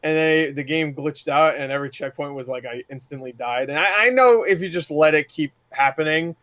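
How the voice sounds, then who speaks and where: An excitable man chatting casually about games on a podcast, laughing often and swearing freely. His voice sits somewhat high, and the recording is dry with no room sound. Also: brisk, no room sound. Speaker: podcast co-host. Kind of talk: casual gaming chat.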